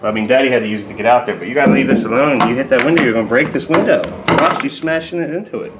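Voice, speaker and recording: A young father filming his toddlers at home on a handheld camera, chatting casually and jumping into a high sing-song voice when he plays with them. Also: very fast. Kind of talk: casual family vlog. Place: family home, living room. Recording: noisy home camera audio.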